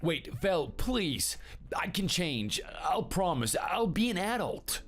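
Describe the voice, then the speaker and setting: A woman's voice: on the low side, big pitch swings, slow, soft background music, exaggerated voice. A woman voicing a clingy, needy adult son who pleads and whines. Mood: pleading. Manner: pleading, whiny.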